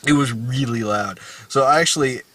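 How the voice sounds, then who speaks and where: Bright-toned man, swearing grumbly chatter. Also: medium pitch, normal speed, low-quality recording. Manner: profane, grumbling rants. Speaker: movie review co-host. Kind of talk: casual chat. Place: outdoors in the cold.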